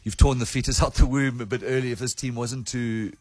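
A man's voice: medium pitch, fairly even intonation, a little fast, darkish tone, no room sound. A man who coaches rugby, talking candidly in a radio studio, rambling a little and chuckling at his own lines. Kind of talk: casual radio interview.

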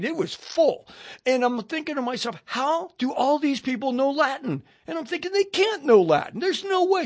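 A man's voice: sits high, dry recording, studio quality. An older man telling his conversion story as a radio preacher, acting out the voices in it. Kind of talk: testimony sermon.

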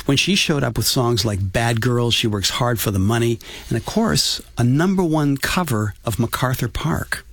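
A man co-hosting a music talk show, reading a segment setup in a measured way. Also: mid-range voice, no echo. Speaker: podcast co-host. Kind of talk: scripted segment setup and casual chat.

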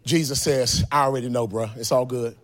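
A man preaching a sermon, retelling the story dramatically, swinging from quiet asides to shouted, sung lines. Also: mid-range voice, fairly even intonation, fairly quick, some chatter behind.

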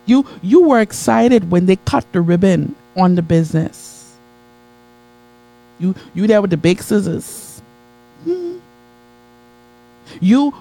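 Gravelly, mellow-voiced male motivational preacher. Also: rough recording. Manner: builds with repetition, call-and-response, laughs with crowd; swings between soft low asides and high excited peaks. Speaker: motivational speaker. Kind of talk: motivational sermon to a live audience.

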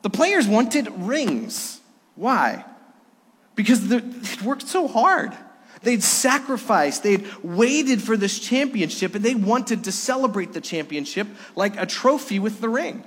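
A man's voice: high-pitched, sing-song, slow, slightly rough, in a large hall. A man preaching a sermon, earnest and story-driven, asking his listeners questions as he goes. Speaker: pastor.

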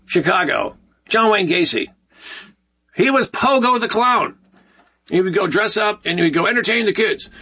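A man hosting a talk show alone in a studio, ranting with animated sarcasm. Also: high voice, normal speed, pauses often, breathy edge. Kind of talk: solo ranting commentary.

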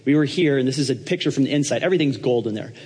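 Animated, joking pastor in a reverberant church. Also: male voice, medium pitch, very fast, breathy edge. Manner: joking, conversational, asks the audience questions. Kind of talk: sermon.

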